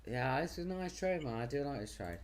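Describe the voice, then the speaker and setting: A man's voice: mid-range voice, expressive, fairly quick, background noise. A man chats cheerfully as host of a live stream. He is losing his voice and keeps up a loose, rambling patter. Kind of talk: casual live stream chat.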